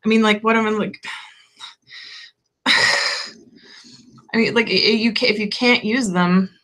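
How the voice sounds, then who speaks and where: A woman's voice: mid-range voice, fairly even intonation, a little slow, bright, forceful tone. A young woman hosting a casual live-stream chat, candid and rambling, full of fillers and the odd swear. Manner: chatty and candid, lots of "like" and "um", swears freely. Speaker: tarot channel host.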